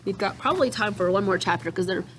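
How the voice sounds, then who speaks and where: Gentle woman reading a storybook aloud. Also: mid-range voice, quick pace, very noisy. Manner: gentle, explains things to children with fillers. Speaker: storybook reader. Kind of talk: reading a children's book aloud.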